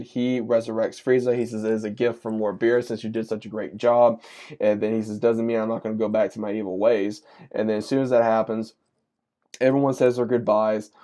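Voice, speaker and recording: A man with a low, mellow voice talks through an episode in a rambling, run-on recap. His delivery stays mostly flat, strung together with "and then" and "he says." Soft music plays faintly behind him. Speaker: anime reviewer.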